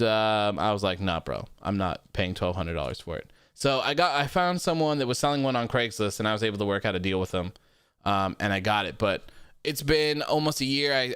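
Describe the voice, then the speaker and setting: A man's voice: medium pitch, fairly bright tone, clean tone, no room sound, clean studio sound. A man hosting a wrestling post-show livestream, reading viewer comments aloud in a friendly, upbeat casual chat and thanking viewers often. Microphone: desk microphone.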